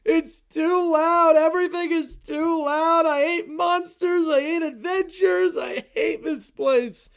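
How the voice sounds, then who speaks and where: A man's voice: very high voice, fairly even intonation, takes it slowly, creaky, hardly any pauses, voice pushed up, exaggerated voice. A man voicing a whiny, bratty little kid who complains about everything and sounds close to tears. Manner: whining, complaining, near tears.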